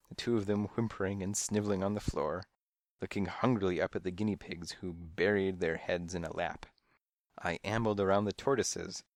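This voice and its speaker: A man narrating a children's mystery audiobook in first person, with expressive, playful storytelling. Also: sits low, dry recording, studio quality.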